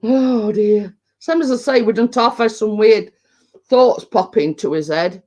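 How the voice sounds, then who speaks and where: Male host, slow and meandering, loose and tipsy, casual stream chat. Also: sits high, darkish tone. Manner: rambling, halting, many restarts. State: tipsy from home brew. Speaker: livestream host. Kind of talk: casual chat reading viewer comments.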